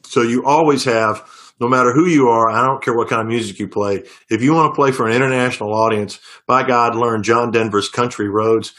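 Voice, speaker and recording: A man's voice: mid-range voice, fairly even intonation, fairly quick, a bit bright. Rambling man telling music stories. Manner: rambling storyteller with frequent restarts. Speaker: singer-songwriter guest. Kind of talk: casual interview talk.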